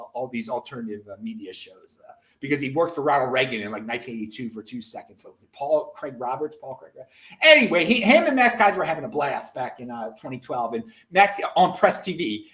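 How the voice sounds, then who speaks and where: An American man hosting a talk show, who talks in an excitable, rambling way. His voice sits high and swings widely in pitch. He stumbles and restarts often as he chases his thoughts. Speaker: show host. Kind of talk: casual talk show chat.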